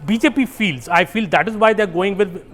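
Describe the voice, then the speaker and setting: A man's voice: high voice, moderate pace, fairly bright tone. A man explaining political strategy as a political editor on a news panel. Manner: explanatory, fact-heavy, with fillers.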